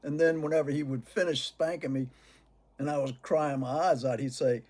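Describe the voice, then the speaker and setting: A man's voice: on the high side, fairly even intonation, brisk, darkish tone. An older man chatting to camera about cigars and telling stories from his childhood, chuckling often as he talks. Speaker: cigar vlogger. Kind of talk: casual storytelling to camera.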